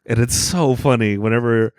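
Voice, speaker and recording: A man co-hosting a comedy podcast, chatting casually with a facetious, deadpan irony. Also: mid-range voice, normal speed, no room sound, clean studio sound. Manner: deadpan, facetious ironic delivery. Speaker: podcast co-host.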